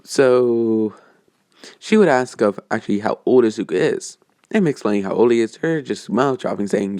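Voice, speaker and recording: A man's voice: mid-range voice, normal speed, a little mellow, no room sound. A man casually making up a fan story as he goes, rambling and hesitant, full of fillers and self-corrections.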